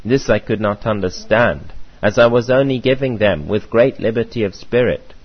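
Husky man reading a memoir. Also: on the low side, moderate pace. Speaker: audiobook reader. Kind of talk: first-person memoir reading. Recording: muffled lo-fi recording.

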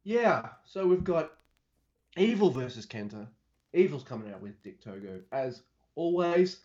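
On a casual wrestling podcast, a male co-host recaps matches with dry jokes and a laid-back attitude. His voice is on the high side, very animated, a little slow and darkish, and the lo-fi audio is slightly dull.

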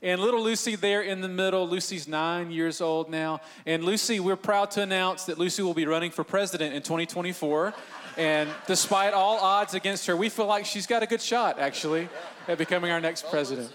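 Man, forties, pastor, church panel, self-deprecating jokes, sincere, slightly raised pitch. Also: brisk, fairly bright tone. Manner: joking, self-deprecating, heartfelt.

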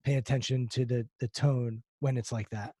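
A man's voice: medium pitch, little pitch movement, moderate pace, warm tone, slightly rough, dry recording, studio quality. A man hosting an interview, thoughtful and searching for words as he asks questions, who works with athletes. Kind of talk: interview conversation.

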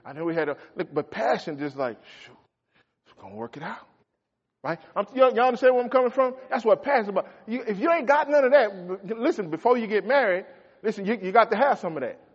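A middle-aged man preaching a folksy sermon as a pastor, swinging between shouts and quiet asides. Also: high voice, expressive, fast talker, breathy edge. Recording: echoey hall, dull lo-fi sound.

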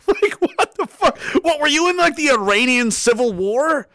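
Lively, laughing young male streamer. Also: extremely high pitch, unhurried, no echo, studio quality. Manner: rambling, profane, laughs often, acts out quotes. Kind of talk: casual storytelling on a live stream.

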